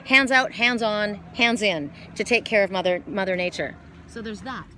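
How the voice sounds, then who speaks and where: A woman's voice: mid-range voice, normal speed, pushed and bright. Lady doing a chatty card reading outside by the water, rambly, lots of restarts, a little outdoor noise behind. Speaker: oracle card reader. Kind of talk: casual spiritual reading vlog outdoors. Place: outdoors by water in a wooded glen.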